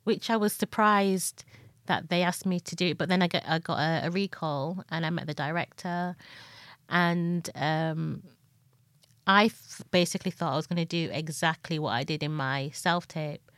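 A woman's voice: low-pitched, fairly even intonation, fairly bright tone, no echo, studio quality. A young woman with a northern English accent, co-hosting a casual podcast chat about acting and laughing often. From northern England. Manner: chatty, laughs often, acts out quick voices in stories. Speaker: podcast co-host, actor.

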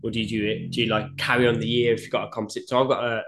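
A powerlifting coach talks at a quick clip in a fairly low voice. He tells stories animatedly, with casual swearing, in a relaxed podcast chat. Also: background noise.

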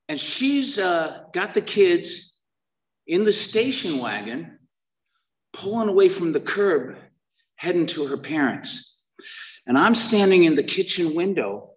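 A middle-aged man giving a personal recovery share at a meeting, rambling and self-deprecating, with lots of restarts. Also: on the high side. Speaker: main speaker at a recovery meeting. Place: meeting room before a live audience. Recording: voice picked up from a distance.

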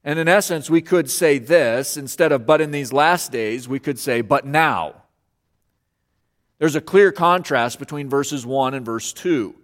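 A man's voice: mid-range voice, a little slow. A man preaching a sermon as pastor, earnest and emphatic, repeating key phrases for weight. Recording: long hall reverb.

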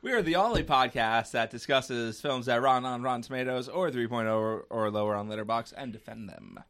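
A man's voice: medium pitch, fairly quick, a bit bright. A man hosting a casual podcast chat, rambling with many fillers and restarts. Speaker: podcast host.

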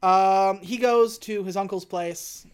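Casual woman podcast host, dry and sarcastic, mid-pitched, slips into character voices. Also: steady tone, clear, resonant tone. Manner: sarcastic, acts out characters in quick quoted voices. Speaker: podcast co-host recapping a film. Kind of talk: casual comedic chat.

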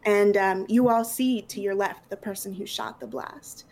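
Woman, game master, tabletop narration, casual and filler-heavy, gravelly. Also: medium pitch, fairly even intonation, moderate pace, a little mellow, a little hiss or hum.

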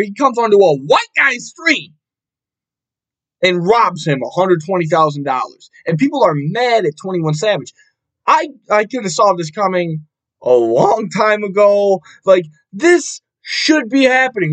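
A young man hosting a casual solo podcast, ranting with a lot of profanity and an exasperated tone, and jumping up into shouts. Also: high-pitched, low-quality recording. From Buffalo, New York area. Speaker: podcast host.

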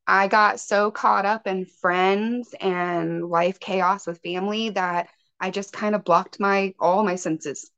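A woman's voice: mid-range voice, fairly even intonation, slow pace, fairly bright tone, clear, resonant tone. A woman guest on a podcast, a spiritual healer, telling her own story in a chatty way with many "like"s and "um"s. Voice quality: chatty, lots of "like" and "um". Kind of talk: casual personal storytelling. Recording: muffled lo-fi podcast audio.

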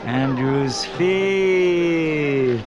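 A man's voice: a little high, drawn-out words, background noise. An actor playing the disciple Simon, an eager, devoted man who speaks earnestly in a film clip. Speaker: film character. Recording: muffled film clip with crowd.

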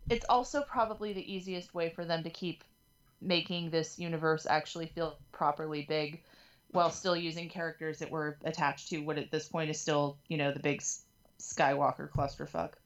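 A woman's voice: sits low, fairly even intonation, moderate pace, dull audio. Wry, rambling woman podcast host. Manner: long digressive sentences with restarts, wry. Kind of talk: casual chat.

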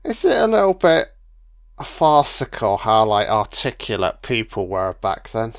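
A man's voice: on the low side, wildly swooping pitch, unhurried, gravelly. A man doing a casual, crude film commentary, swearing freely and mocking the characters.

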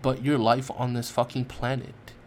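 A man speaks into his podcast mic in a voice of ordinary middle pitch, earnest and raw, stumbling over his words and swearing as he goes. A faint hiss of noise sits under his voice. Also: monotone, moderate pace. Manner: earnest, repetitive restarts, heavy swearing. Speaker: podcast host. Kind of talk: heartfelt personal monologue.

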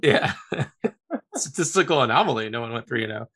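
A podcast host chats casually and easily about basketball and football picks in easygoing fan talk. His medium-pitched voice is expressive, brisk, bright and forceful, with a breathy edge.

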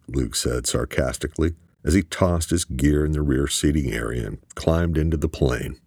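A man narrating an audiobook in an expressive, crude, scripted style. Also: rumbling low, moderate pace, hardly any pauses, no room sound, clean studio sound.

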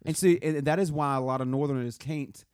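A man's voice: on the high side, fairly even intonation, brisk, a little mellow, no room sound, clean studio sound. A man with a Southern US accent co-hosting a casual podcast chat, laughing often and tripping over restarts as he talks. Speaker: podcast co-host.

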